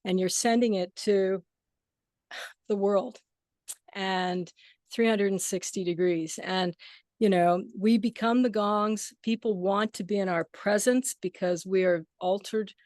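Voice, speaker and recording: A woman's voice: medium pitch, steady tone, measured pace, a little mellow, no room sound, studio quality. A woman on a video call talking enthusiastically about playing gongs, rambling with many fillers. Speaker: gong practitioner sharing. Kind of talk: casual sharing on a video call.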